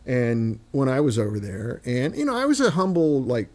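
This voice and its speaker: A man's voice: medium pitch, lively intonation, normal speed, a little mellow. A man, chatting casually and joking with some swearing. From United States. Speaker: host. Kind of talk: casual chat.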